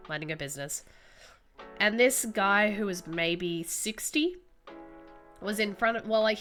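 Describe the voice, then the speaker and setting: A young woman telling a story while drawing, in an animated, swearing, casual way. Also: medium pitch. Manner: animated, swears freely, acts out reactions. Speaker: streamer.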